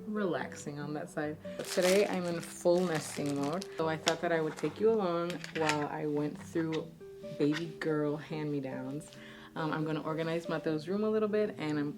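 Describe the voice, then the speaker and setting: A young woman narrates her family vlog in a low, soft, conversational voice. She sounds slightly out of breath as she talks. Clear acoustic guitar music plays beneath her. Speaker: vlogger, stay-at-home mom.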